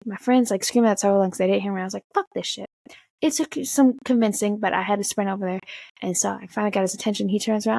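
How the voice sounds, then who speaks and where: A young woman casually telling an excited, swear-filled story, jumping high in pitch when she quotes herself. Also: gravelly, dry recording. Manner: excited, swearing, talks fast with big pitch jumps when quoting. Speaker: vlogger.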